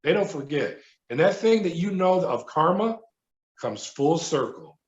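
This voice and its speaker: A middle-aged man, a former prison guard, recounting his experiences as a podcast guest in an animated storytelling manner. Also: on the high side, unhurried. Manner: animated storyteller who acts out quoted voices. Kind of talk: storytelling interview. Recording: roomy, dull remote audio.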